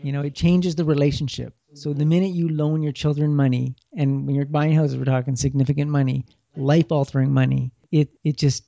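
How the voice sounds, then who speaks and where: A man's voice: a little high, level tone, a little fast, gravelly, few pauses, mellow, no echo. A man giving plainspoken money advice in casual talk, often repeating words as he thinks. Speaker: financial guest. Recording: dull lo-fi sound.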